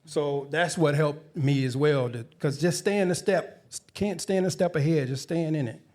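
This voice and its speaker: A man's voice: fairly high pitch, normal speed, darkish tone. A middle-aged man on a live panel, speaking in a reflective, conversational way. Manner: reflective, conversational, with false starts.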